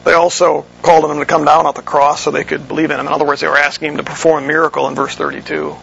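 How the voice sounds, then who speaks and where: A man preaching an expository sermon. He walks his listeners through scripture verse by verse in a measured teaching manner and sometimes corrects himself mid-sentence. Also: on the high side, little pitch movement, vocal fry, a bit bright, dull audio, slight background noise. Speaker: pastor.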